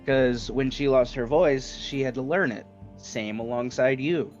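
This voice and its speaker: A man's voice: mid-range voice, a little slow, highs cut off, faint music behind. A man running a tabletop game as dungeon master, narrating loosely with lots of fillers and laughter.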